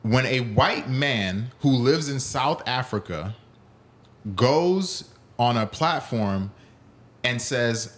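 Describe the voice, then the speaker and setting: Speaking slowly in a sing-song, mid-range voice, a man hosts a solo podcast about fighting sports. He responds to chat and clips with heated, profane rants, and his voice rises when he gets worked up.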